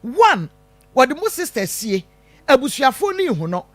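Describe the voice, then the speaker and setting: A woman's voice: high voice, sing-song, moderate pace. A woman hosting a call-in radio show, questioning a caller and recapping his story.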